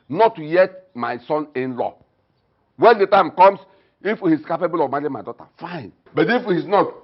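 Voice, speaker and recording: An actor with a Nigerian accent playing a scornful, stubborn middle-aged father who mocks and gives orders. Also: fairly high pitch. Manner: mocking, dismissive, orders people about. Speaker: father of the household. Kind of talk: Nollywood film drama. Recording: dull film audio with music behind.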